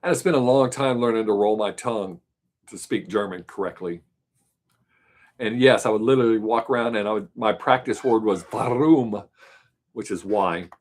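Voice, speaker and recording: A man in an easygoing, unscripted chat on his live stream. He rambles and trails off while he mulls over a viewer's question, often pausing mid-thought before picking up again. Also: lowish voice. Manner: rambling, thinks aloud, trails off.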